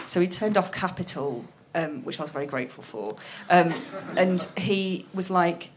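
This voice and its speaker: A woman's voice: fairly low pitch, lively intonation, moderate pace, hardly any pauses, background noise. Giggly woman in her thirties telling stories. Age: 30s. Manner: giggly storyteller, chatty. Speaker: podcast co-host. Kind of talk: casual chat.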